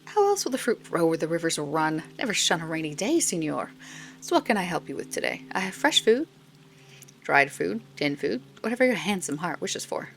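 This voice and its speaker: A woman's voice: on the low side, big pitch swings, moderate pace, creaky, a little hiss or hum. Woman playing a coquettish old Italian stallholder. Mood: flirty teasing. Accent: put-on Italian. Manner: teasing, coquettish, laughing.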